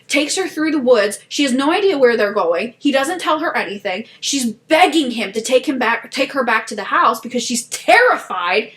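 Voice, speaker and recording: Animated, indignant higher-voiced woman. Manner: animated, indignant retelling with laughter. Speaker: podcast co-host. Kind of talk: casual chat.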